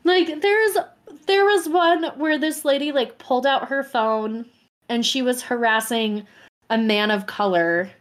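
A woman on a casual podcast with a slightly high voice. She tells stories in an animated way and acts out the quotes. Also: measured pace. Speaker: podcast co-host. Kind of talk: casual chat.

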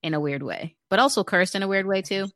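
A woman's voice: mid-range voice, quick pace, a bit bright, no room sound. Bubbly young woman chatting on a podcast, laughs a lot, dry close sound, voice sits mid-range. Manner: peppy and bubbly, laughs often. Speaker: podcast co-host. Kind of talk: casual chat.

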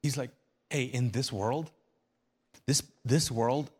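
A man's voice: mid-range voice, slow pace, breathy edge. A man preaching a sermon as a pastor, speaking earnestly and conversationally, often repeating and restarting phrases.

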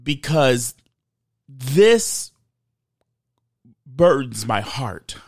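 A man's voice: mid-range voice, very animated, very slow, dry recording, studio quality. A man hosting a faith podcast, speaking earnestly and emotionally, choked up, building into a preachy delivery. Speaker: podcast host.

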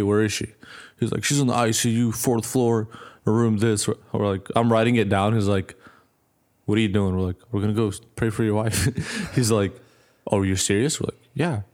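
A young man telling a story in casual chat, animated, acting out the people he quotes and laughing often. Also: on the low side. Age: young adult. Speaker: podcast co-host.

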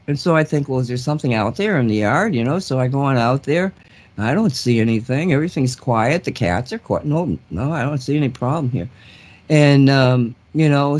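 A woman hosting a talk show, telling stories in a rambling way, laughing often and restarting her sentences. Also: low voice. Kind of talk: casual storytelling chat.

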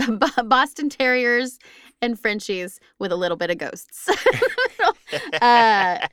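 A woman's voice: a little high, slow pace, a bit bright, clear, resonant tone, dry recording, clean studio sound. A woman co-hosting a podcast, chatting casually, laughing often and swearing now and then. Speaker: podcast co-host. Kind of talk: casual chat.

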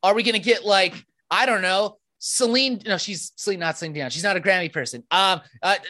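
A man's voice: high voice, fairly quick, sharp tone, dry recording, clean studio sound. A man co-hosting a podcast, playful and mock-serious, laughing often in casual banter. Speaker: podcast co-host.

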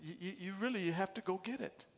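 A man preaching a sermon with fervour, stumbling over repeated words and rising from quiet asides to shouted emphasis. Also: high voice, fast. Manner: stammering restarts and repeated words. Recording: long echo of a large hall.

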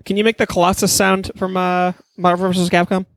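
Excitable, profane man, dry close mic. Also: sits high, fairly quick, dry recording. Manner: profane, enthusiastic, rambling. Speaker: podcast co-host. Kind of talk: casual gaming chat.

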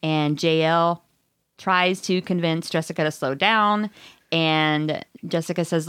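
A woman's voice: low voice, fairly even intonation, slow pace, a bit bright, clear, resonant tone. A podcast host from Missouri, a woman chatting casually as she recaps a book, often saying "like" and acting out the lines she quotes.

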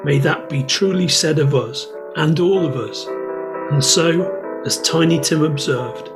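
Male storybook narrator, fairly high voice, theatrical, faint music underneath. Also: a little slow. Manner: lively, theatrical delivery. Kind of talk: expressive storybook reading.

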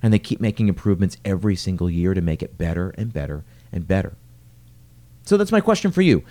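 A middle-aged restaurateur who lives in New York City hosts a solo podcast, talking earnestly and circling his point with rhetorical questions. His warm, mellow voice moves fast and very animatedly, pitch rising and dipping freely as he stresses key words.

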